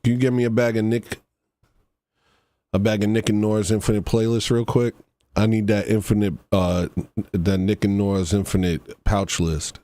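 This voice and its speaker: A man with a fairly low voice, recorded dry and close with no room sound. He hosts a livestream and rambles through mock-serious commentary, wandering into asides and half-finished thoughts. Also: steady tone, normal speed, dark tone, dry recording. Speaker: livestream host reacting to a video.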